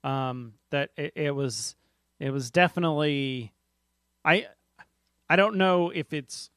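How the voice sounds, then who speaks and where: A man's voice: on the high side, slow, fairly bright tone, clean tone, dry recording, clean studio sound. A man co-hosting a casual board game podcast, rambling and often restarting his sentences. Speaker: podcast co-host.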